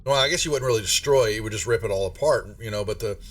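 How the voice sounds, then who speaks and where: A man's voice: lowish voice, rapid-fire. A man narrating a tabletop game as game master, rambling with many restarts. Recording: distant mic with faint music.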